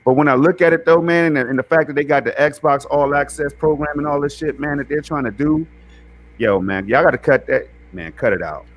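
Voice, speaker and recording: A man's voice: a little high, a little fast. A man guesting on a gaming podcast, emphatic and profane, full of street slang. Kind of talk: casual gaming podcast chat. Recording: faint background noise.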